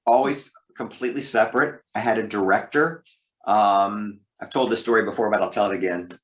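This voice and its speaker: A man who works as a voice actor, telling stories from his career as an interview guest, lively and leaping up in pitch for emphasis. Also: a little fast. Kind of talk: interview storytelling. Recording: roomy echo.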